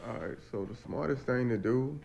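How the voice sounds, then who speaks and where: A man's voice: mid-range voice, moderate pace, vocal fry, dull audio, a crowd in the background. A man telling his own story in casual talk, acting out what others said and repeating lines for emphasis. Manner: animated, acts out quoted voices, repeats phrases for emphasis.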